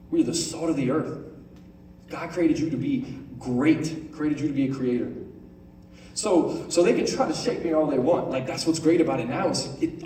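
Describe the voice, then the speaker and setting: A young man giving a casual, conversational sermon to a youth group, often asking "right?" and reading scripture out slowly. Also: fairly high pitch, a little mellow, slight background noise. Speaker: youth pastor. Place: large room on stage. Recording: echoey room, voice from far off.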